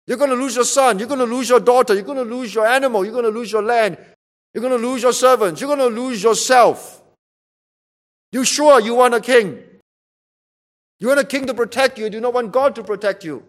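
A man's voice: very high voice, moderate pace. A man preaching a sermon, emphatic and repeating rhetorical questions to drive his point home.

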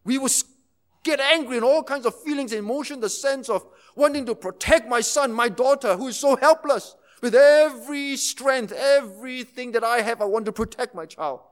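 A man preaching a sermon, moving between quiet explanation and impassioned, emphatic retellings, sometimes dropping almost to a hush. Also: extremely high pitch, moderate pace. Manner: impassioned, rising to emphatic intensity then dropping to near-hushed tones.

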